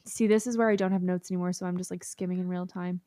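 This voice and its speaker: A young woman co-hosting a casual podcast, retelling a book with frequent swearing and quick put-on character lines. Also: lowish voice, fairly even intonation, dark tone, no echo, clean studio sound. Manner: swears freely, acts out characters in quick bursts. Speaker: podcast co-host. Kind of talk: casual book-recap chat.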